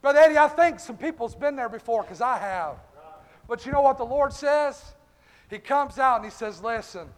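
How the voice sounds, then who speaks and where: A male pastor preaching a fervent revival-style sermon in a church, calling out congregation members by name. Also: very high-pitched. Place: church sanctuary. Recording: echoey church hall.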